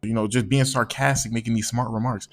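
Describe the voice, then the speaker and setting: A man's voice: mid-range voice, fairly even intonation, a little fast. A man telling a personal story in a casual storytime monologue, slangy and profane, rambling and repeating words.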